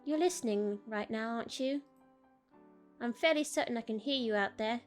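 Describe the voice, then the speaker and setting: A woman's voice: a little high, moderate pace, soft background music, pitched above the performer's own voice, natural voice. A woman voicing a lonely, polite antique female doll in a put-on accent. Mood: gentle.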